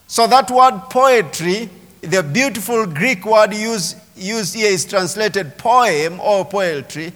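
A pastor with a high, ringing voice preaches with emphasis, calling out to his congregation and drawing their replies. His words carry a long reverb through a large church hall. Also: takes it slowly, fairly bright tone. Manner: emphatic preaching with call-and-response. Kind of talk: sermon. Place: church sanctuary.

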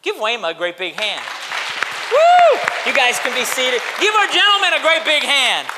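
High bright-voiced preacher in a reverberant church. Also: male voice, a little fast, crowd noise, noisy background. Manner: animated, calls out to the congregation. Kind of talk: sermon with audience participation. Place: church sanctuary. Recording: hall reverb in a large church.

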